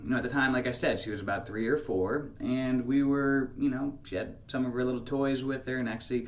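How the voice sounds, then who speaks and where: A man casually telling a personal story, rambling with many fillers and restarts. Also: medium pitch. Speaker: channel host.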